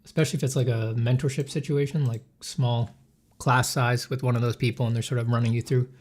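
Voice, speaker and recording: A man's voice: mid-range voice, fairly even intonation, quick pace, a little mellow. Rambling, joking man streaming. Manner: joking, rambling, self-deprecating; thanks supporters, answers chat questions. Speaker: artist streaming while drawing. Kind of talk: casual livestream chat.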